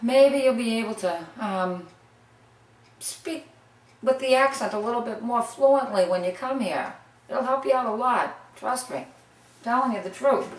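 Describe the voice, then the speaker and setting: A woman's voice: on the high side, unhurried, recorded from a distance. Boston-accented woman hosting a jokey accent lesson, chatty and rambling, set back from the mic in an echoey room. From Boston, Massachusetts. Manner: rambling, chatty, drifts off on tangents. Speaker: host. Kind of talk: mock accent lesson to camera. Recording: roomy echo, away from the mic.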